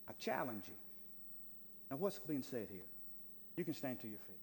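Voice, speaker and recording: A male pastor preaching a sermon with fervor, swinging between loud, stretched lines and hushed asides. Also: medium pitch, big pitch swings, moderate pace. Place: church sanctuary. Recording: long hall reverb, faint hum.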